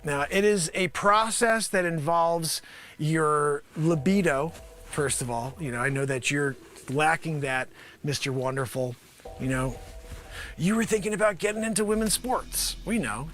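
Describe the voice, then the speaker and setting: The host, a man, leads a live improv comedy show, rambling through a pitchman routine, addressing an imagined panel and occasionally bursting out in shouts.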